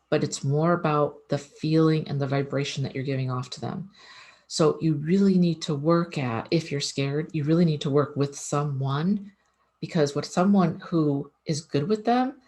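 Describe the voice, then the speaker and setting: A woman's voice: deep voice, darkish tone. A woman, an animal communicator, giving casual advice in an earnest, conversational way that often repeats itself.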